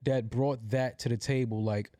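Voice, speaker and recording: A man's voice: mid-range voice, fairly even intonation, normal speed, dark tone, no room sound, clean studio sound. A man co-hosting a podcast, chiming in to agree and then speaking tersely and with exasperation about a money dispute. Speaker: podcast co-host. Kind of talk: candid podcast talk.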